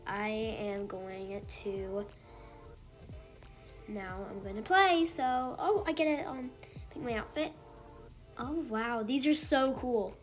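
A woman giving casual gameplay commentary in an excitable way, gasping and exclaiming often. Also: a little high, slow pace, pauses often, faint music behind. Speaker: gaming channel host.

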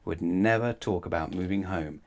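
A man reading a children's bedtime story aloud in a calm, measured way. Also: deep voice.

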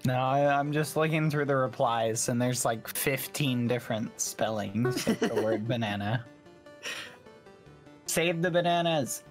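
A man's voice: medium pitch, moderate pace, hardly any pauses, faint music behind. A man chatting on a gaming stream in a goofy, joking way. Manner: goofy, spelling things out. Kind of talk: casual gaming stream chat.

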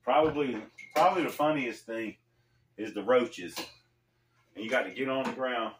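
A man's voice: medium pitch, moderate pace, noisy background. Laid-back slangy man, echoey room. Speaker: storyteller host. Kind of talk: casual storytelling vlog. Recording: echoey room, mic far off.

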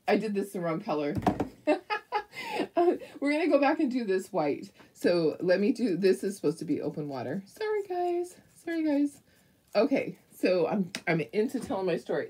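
An older woman telling a rambling story in a chatty, animated way while she paints a craft, laughing often. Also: fairly low pitch, breathy edge. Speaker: craft vlogger.

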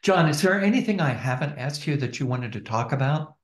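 A man hosting a casual interview, making calm, brief reflective remarks. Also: fairly high pitch, fairly quick. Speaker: interview host. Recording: echoey room.

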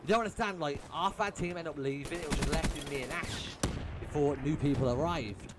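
Speaking briskly in a slightly high voice, this young gaming YouTuber swears his way through frustrated commentary on his own match replay. Heavy background noise comes from loud game gunfire and shots.

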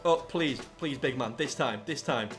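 Young man, excitable gameplay commentary, bright tone, faint game music. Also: medium pitch, moderate pace. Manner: excitable, swings from muttering to yelling. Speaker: gaming YouTuber.

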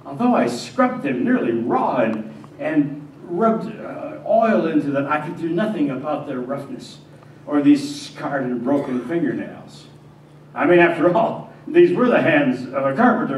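A pastor playing an earnest young carpenter. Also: male voice, a little high, animated, moderate pace, lo-fi sound, natural voice. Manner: stammering, heartfelt storytelling, swinging from hushed to agitated. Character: earnest young male carpenter, devout and shaken. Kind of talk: first-person dramatic monologue in a church. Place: church sanctuary. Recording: echoey church from a distance, faint hiss.

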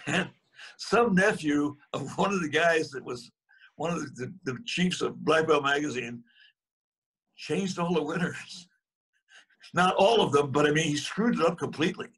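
A man in his eighties, husky-voiced, telling a long story in casual conversation with chuckles and restarts. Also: fairly high pitch, normal speed, a bit bright. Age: 80s. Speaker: guest.

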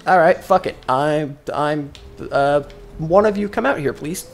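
A man doing casual gameplay commentary, jokey and profane, breaking into loud excited outbursts. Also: fairly high pitch, a little slow, soft background music. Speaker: gaming commentator. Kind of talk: casual let's-play commentary.

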